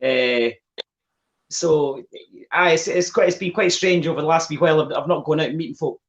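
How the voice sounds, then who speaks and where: A man's voice: a little high, moderate pace. A man from Fife with a Scottish accent, telling stories as a guest musician in a casual chat, often restarting his sentences. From Scotland. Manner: chatty storyteller with frequent restarts and laughs.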